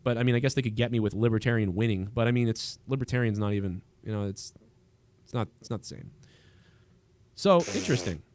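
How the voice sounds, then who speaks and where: A man's voice: fairly low pitch, quick pace, a little mellow. A man hosting a livestream in casual chat, rambling with frequent restarts and trailing thoughts. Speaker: livestream host.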